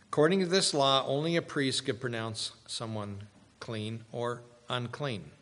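Man preaching real slow, big pauses, voice echoing around a church. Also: mid-range voice, a bit bright. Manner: slow, deliberate preaching with dramatic pauses and rising emphasis. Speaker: pastor. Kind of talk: sermon. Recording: long hall reverb.

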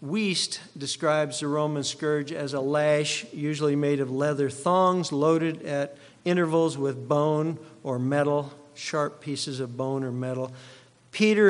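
Emphatic preacher man in a reverberant hall. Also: on the high side. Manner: emphatic, repeats key phrases for effect. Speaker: pastor. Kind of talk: expository sermon.

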